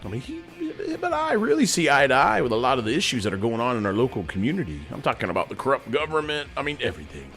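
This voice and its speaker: A man's voice: medium pitch, huge pitch swings, fast, hardly any pauses, a bit bright, soft background music. A middle-aged man, hosting a rambling, folksy monologue from his home studio as a sergeant major persona. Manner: folksy, keeps calling the audience "friends".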